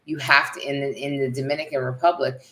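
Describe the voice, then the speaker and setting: A middle-aged woman from the United States with an unusually deep, low voice, chatting on a live vlog. She tells stories in an animated way and slips into quick voiced asides. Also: slight background noise. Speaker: vlog co-host. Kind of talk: casual live chat.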